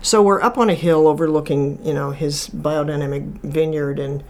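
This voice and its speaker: A woman's voice: low voice, steady tone, normal speed, darkish tone. A woman author, talking casually as an interview guest and telling stories with lots of fillers and restarts. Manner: chatty storyteller, many restarts and fillers. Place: from Chicago.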